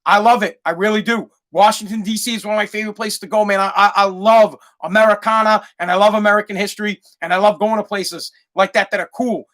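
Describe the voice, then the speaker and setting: A man's voice: high-pitched, bright, forceful tone. A man in his thirties hosting a podcast, ranting in a worked-up, profane, repetitive way with many restarts. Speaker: podcast host. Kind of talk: comedic ranting monologue.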